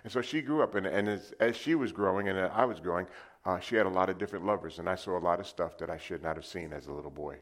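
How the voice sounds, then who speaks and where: A man's voice: sits low, quick pace, a bit bright. An older man from New City, giving a testimony sermon and telling his story in a conversational way, drawing the congregation into call-and-response. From New York City. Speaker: preacher.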